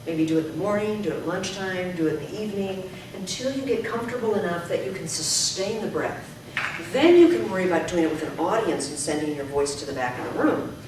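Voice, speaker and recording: A woman speaking coach giving an energetic, emphatic presentation to a club and leading the audience in repeat-after-me drills. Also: fairly low pitch, fast talker. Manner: energetic, emphatic, projecting to the back of the room. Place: meeting room. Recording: echoey room, distant mic, background noise.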